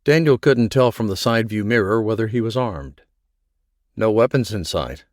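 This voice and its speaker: A man's voice: fairly low pitch, lively intonation, moderate pace, dry recording, clean studio sound. A man narrating a thriller audiobook, voicing the characters' lines as he reads. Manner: reads the story, giving characters voices. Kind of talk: scripted narration.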